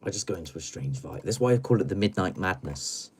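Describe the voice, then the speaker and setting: A man hosting a late-night live stream from home, chatting in a rambling, giggly, playful way, swinging between loud bursts and mumbles. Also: deep voice, expressive, fast talker, few pauses, husky. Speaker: livestream host.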